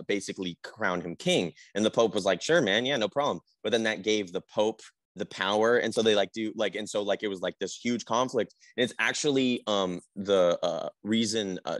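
Young man, low voice, dry close sound; halting, filler-heavy interview chat. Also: no room sound. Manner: rambling, halting, full of fillers. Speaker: actor guest.

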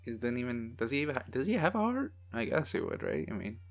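A man's voice: medium pitch, huge pitch swings, fast talker, vocal fry. A man hosting a casual movie watch-along, joking sarcastically at the screen and swearing freely. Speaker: host.

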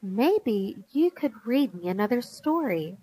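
A woman's voice: fairly high pitch, big pitch swings, slow, full character voice, poor audio. A woman voicing a bossy, demanding little girl in a storybook reading. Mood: sweet. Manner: insistent, complaining, bossy.

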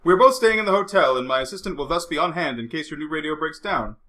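A chatty, winking middle-aged French secret agent, put on by a man reading a novel aloud. The voice sits high and bright, swinging up and down with lively, teasing play. He talks quickly, as if sharing a good joke. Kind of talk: audiobook reading.

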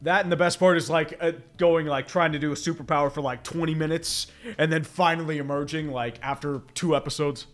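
A man's voice: fairly high pitch, steady tone, brisk, few pauses, soft background music. Chatty man with stuffy nose. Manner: rambling, chatty, swears, laughs. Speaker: livestream host reading chat. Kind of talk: casual live commentary.

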